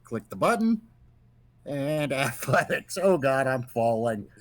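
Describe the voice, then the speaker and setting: A man playing a tabletop game online, eager and unhurried, swearing casually as he plays his character. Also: medium pitch, big pitch swings, noisy background. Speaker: player.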